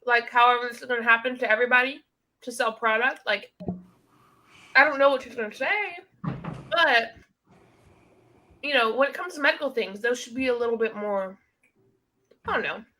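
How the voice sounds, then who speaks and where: A woman's voice: fairly high pitch, normal speed, long pauses, sharp tone. A woman co-hosting a casual reaction commentary, blunt, outspoken and joking. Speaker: co-host.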